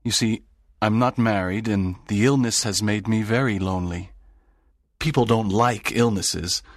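An actor playing a sad, lonely, strict middle-aged teacher in an audiobook drama, speaking in a grave, measured way. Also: male voice, fairly low pitch, no room sound, studio quality. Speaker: narrator's teacher.

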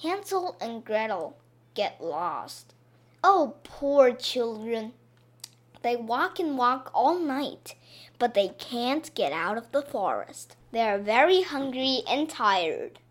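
A woman narrating a children's story in a clear, expressive way, made simple for learners. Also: on the high side, takes it slowly.

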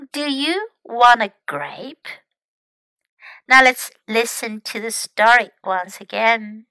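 A woman English teacher whose first language is Chinese, slowly and patiently drilling phrases in a bilingual lesson. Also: a little high, pushed and bright, no echo, poor audio.

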